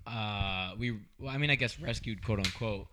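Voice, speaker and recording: A man's voice: lowish voice, moderate pace. A young man in casual chat, talking hesitantly with many restarts. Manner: hesitant, restarts often, chuckles along. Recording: clear background noise.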